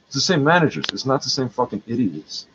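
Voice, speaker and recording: A man's voice: medium pitch, sing-song, fast, lo-fi sound, background noise. A man in pain, ranting in a rambling, heated and profane way. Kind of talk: angry rambling rant.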